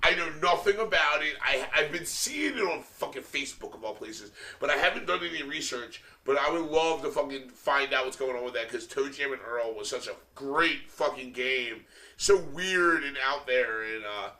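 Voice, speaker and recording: A man's voice: medium pitch, animated, moderate pace, pushed and bright. A tipsy man co-hosting a podcast, rambling in casual chat and swearing freely. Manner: loose, rambling and heavy on profanity. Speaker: podcast co-host. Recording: echoey room, mic at a distance.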